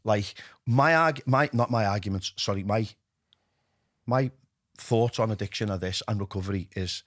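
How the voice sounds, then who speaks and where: Man, middle-aged, Liverpool accent, podcast guest, candid storytelling, animated with hushed asides, dry close sound. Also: on the low side, moderate pace, dry recording. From England. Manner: animated, drops to a hushed voice when quoting himself.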